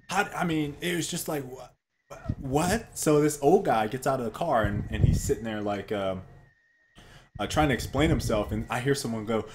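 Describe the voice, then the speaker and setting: A man's voice: mid-range voice, slight background noise. A man co-hosting a live gaming talk show, telling a story in casual chat, acting out quotes and swearing freely. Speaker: co-host.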